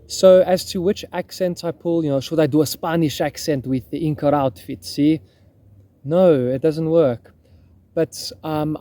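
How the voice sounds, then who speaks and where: A man's voice: mid-range voice, mellow. A man reenacting history, explaining in casual talk and often breaking off to restart his thoughts. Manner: musing, self-interrupting.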